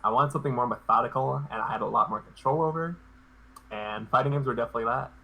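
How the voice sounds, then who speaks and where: A man's voice: mid-range voice, fast, vocal fry, pushed and bright, breathy edge, rough recording. A man being interviewed as a guest on a live stream, talking in a laid-back, hesitant way and often restarting his sentences.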